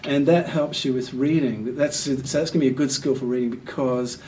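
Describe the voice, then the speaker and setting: Male tutor, mellow tone, encouraging and patient, mic set back with faint room hum. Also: medium pitch, fairly even intonation, brisk. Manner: patient, encouraging, explains step by step. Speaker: literacy tutor giving assessment feedback. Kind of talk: one-on-one feedback session. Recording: voice picked up from a distance with faint room noise.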